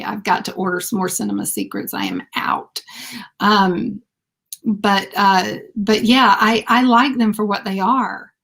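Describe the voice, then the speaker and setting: A woman's voice: medium pitch, gravelly, a bit bright. A woman, chatting casually on a livestream with lots of fillers and laughs. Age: 50s. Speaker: beauty vlogger.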